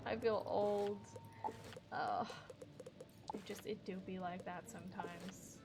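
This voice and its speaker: Speaking slowly at a medium pitch and pausing often, a young woman chats casually while she plays on stream, with background music. She rambles, laughs frequently, and swears freely.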